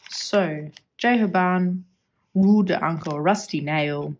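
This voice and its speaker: An Australian woman with a fairly low voice chats casually while swatching fountain pen ink. She speaks slowly, musing aloud and trailing off into restarts as she hunts for words.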